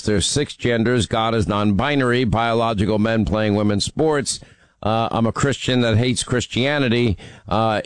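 A male radio host in a dry studio, fielding calls in a joking way. His voice sits at a middle pitch. He makes his political points with building urgency. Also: dry recording. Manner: teasing, then emphatic and urgent. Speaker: radio talk show host. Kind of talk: talk radio call-in.

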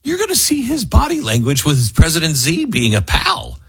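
A man hosting opinionated political talk radio, emphatic and animated, who mockingly acts out what others say. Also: on the high side, normal speed, creaky, slightly rough, dry recording.

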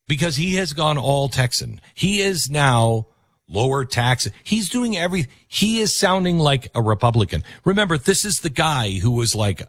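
A man's voice: mid-range voice, big pitch swings, a little slow, no room sound, clean studio sound. A man hosting talk radio, delivering a rambling, sarcastic monologue with frequent asides.

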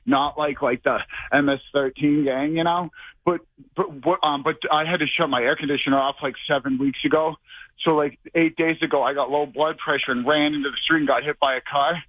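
A man with a Boston accent phones in to a radio show and rambles without stopping, slightly out of breath. His voice sits a little high and comes through a thin, tinny phone line with a dry sound. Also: no echo. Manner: rambling, restless, talks over the host. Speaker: caller. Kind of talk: phone call to a talk show.

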